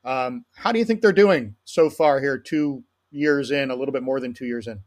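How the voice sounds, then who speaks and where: Male podcast host, mid-pitched, hesitant interviewer with lots of fillers. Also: normal speed. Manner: hesitant, filler-heavy questioning. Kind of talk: interview questions.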